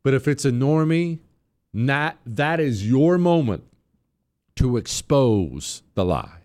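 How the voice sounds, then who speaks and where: Brief: male talk radio host, combative and sarcastic, mid-pitched, steady delivery. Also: slow pace.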